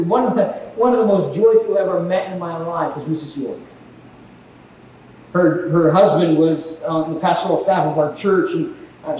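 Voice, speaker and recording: Male pastor, high voice, animated sermon storyteller; echoey church hall from a distance, faint noise. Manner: animated storytelling, acting out quoted exchanges.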